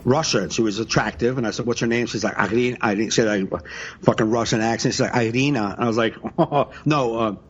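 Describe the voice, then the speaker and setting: A man tells crude stories in casual podcast chat, laughing as he goes. His voice is husky and slightly breathy. The recording sounds dull and lo-fi. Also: lowish voice, steady tone, fast talker. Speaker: comedian co-host.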